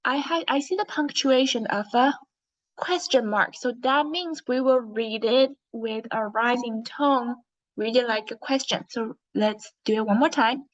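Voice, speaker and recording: A woman with a Chinese accent teaches an English lesson at a slow, careful pace in a fairly high voice. She keeps putting questions to her pupils. The audio is dull and lo-fi. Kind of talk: online class lesson.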